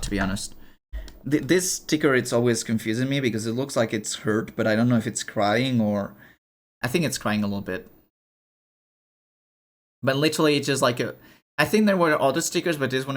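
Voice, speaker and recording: Chatty young man streaming live. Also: mid-range voice. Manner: chatty and animated, swearing and laughing, showing items to camera. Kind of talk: casual live-stream chat.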